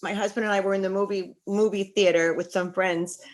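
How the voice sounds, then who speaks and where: A married woman co-hosting a casual talk show, chatty and quick to react. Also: medium pitch, fairly even intonation. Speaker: co-host.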